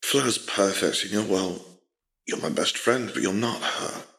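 A man voicing a dry-humored young man in an audiobook, soft-spoken and wry. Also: fairly low pitch, unhurried, vocal fry, breathy edge, dry recording, exaggerated voice. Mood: tender. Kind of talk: audiobook character reading.

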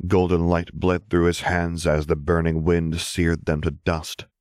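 A man reading story narration in a steady, measured voice. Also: low-pitched, clear, resonant tone, no room sound, clean studio sound. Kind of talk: scripted narration of fan fiction.

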